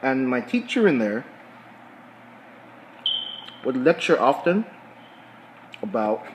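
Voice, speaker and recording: A middle-aged man tells a story in a casual vlog, chewing his food as he talks. He often repeats words and backs up to restart his phrases. His pitch sits at an ordinary middle level for a man, with a faint hum of noise behind him. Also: sing-song, slow pace, low-quality recording. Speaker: vlogger.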